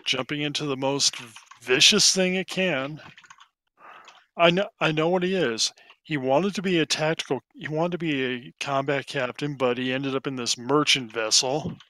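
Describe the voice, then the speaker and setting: A man's voice: fairly high pitch, moderate pace, pushed and bright. A man playing a game on stream, joking around in casual chat. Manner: joking, playful. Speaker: co-player on stream.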